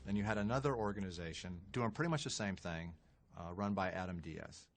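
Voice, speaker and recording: A man calmly explaining how the drug organizations were set up in a documentary interview. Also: deep voice, fairly quick. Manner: matter-of-fact explaining.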